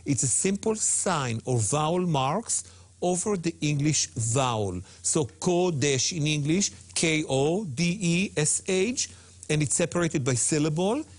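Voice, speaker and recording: A man with a slightly high voice, his pitch swinging widely as he talks. He is an emphatic guest teacher on a religious talk show who repeats phrases and draws Hebrew words out slowly. His delivery moves from quick bursts to careful, drawn-out stresses. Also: lively intonation.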